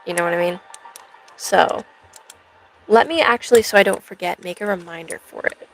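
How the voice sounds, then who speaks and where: Chatty young woman with a gravelly voice. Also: on the low side, normal speed, a bit bright, rough recording. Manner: rambling and chatty, talking to viewers. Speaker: live streamer. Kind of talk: casual chat to a live stream audience.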